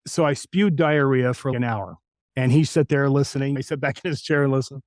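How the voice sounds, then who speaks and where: A male voice actor telling an anecdote in an interview, acting out the quotes with animated delivery. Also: mid-range voice, a little fast, no room sound, clean studio sound. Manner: animated anecdote teller who acts out quotes. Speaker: voice actor guest. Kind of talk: storytelling in a podcast interview.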